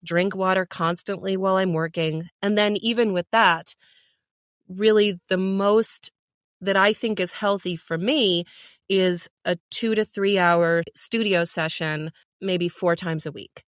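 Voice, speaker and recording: A woman's voice: mid-range voice, steady tone, unhurried, no echo, clean studio sound. A woman who narrates audiobooks, explaining her work in a practical, matter-of-fact way during a casual podcast chat.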